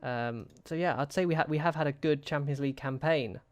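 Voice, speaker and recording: Smooth-voiced man fretting over a football sim. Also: a little high, fairly quick, no room sound. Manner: anxious, pleading, talks to his players. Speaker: gaming YouTuber. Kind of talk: casual gameplay commentary.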